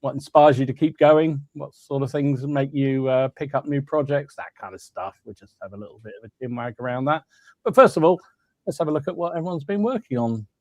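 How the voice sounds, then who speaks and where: This casual live-stream chat comes from a podcast host running a hobby show, who greets viewers by name and laughs often. His voice is mid-range and his pace brisk. The recording is dry.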